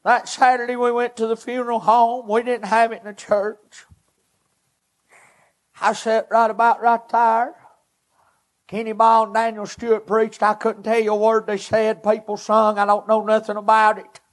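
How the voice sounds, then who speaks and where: High-voiced man giving testimony. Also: level tone. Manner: earnest, halting, short emotional phrases. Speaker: preacher giving a personal testimony. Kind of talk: emotional testimony sermon.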